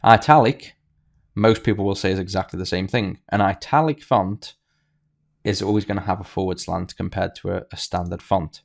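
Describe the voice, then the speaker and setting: A man's voice: low voice, normal speed, gravelly. A man teaching a coding tutorial over a screen recording, thinking aloud with fillers and restarts. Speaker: programming tutor.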